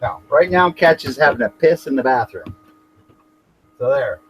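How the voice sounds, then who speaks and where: A man's voice: mid-range voice, lively intonation, moderate pace, low-quality recording. A Canadian man chatting casually over voice chat, joking and laughing often. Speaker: chat participant.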